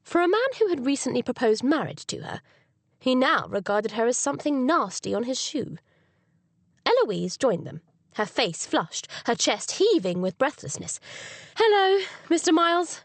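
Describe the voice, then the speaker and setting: Expressive woman narrating an audiobook. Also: on the high side, normal speed, no room sound. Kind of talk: scripted narration.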